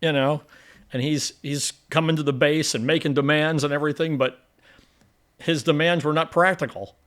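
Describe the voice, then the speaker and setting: A man's voice: on the high side, fairly even intonation, moderate pace, a bit bright. A man hosting a film review podcast in a casual, rambling chat with many restarts.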